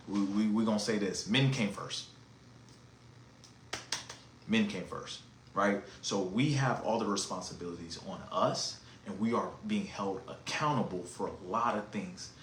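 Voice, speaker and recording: A man hosting a casual podcast monologue, talking in an emphatic, animated, slangy and preachy way. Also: lowish voice, slight background noise. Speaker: podcast host. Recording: echoey room with faint ambience.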